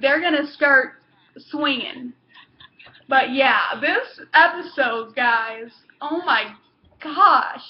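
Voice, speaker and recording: A young woman with a high voice gushes through a casual TV episode review, her talk packed with fillers and excited exclamations. The sound is dull and lo-fi, with a noticeable room echo. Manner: gushing, excitable, lots of fillers.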